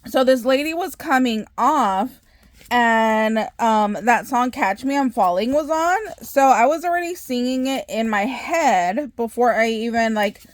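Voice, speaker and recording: A woman hosting a craft channel, telling a story in a chatty, animated way with frequent laughs and filler words. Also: on the high side, measured pace, no room sound. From Southern California. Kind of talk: casual storytelling vlog.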